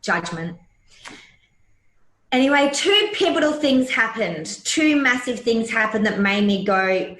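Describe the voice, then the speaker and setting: A woman in her forties with a medium-pitched, slightly bright voice appears as a hypnotherapist guest. She tells a personal story bluntly and emotionally, swearing freely, in a roomy, echoing recording.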